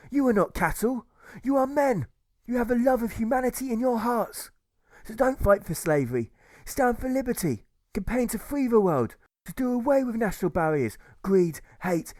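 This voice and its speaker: A man's voice: on the high side, dark tone, no echo, close to an everyday voice. A man playing an impassioned young pacifist orator. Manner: impassioned rallying speech.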